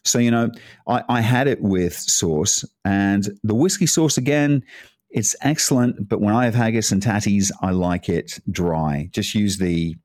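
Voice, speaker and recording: A man's voice: fairly low pitch, unhurried, a little mellow, no echo, studio quality. A man giving a casual, chatty cooking talk, rambling into asides and laughing as he goes. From Scotland. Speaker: cooking presenter.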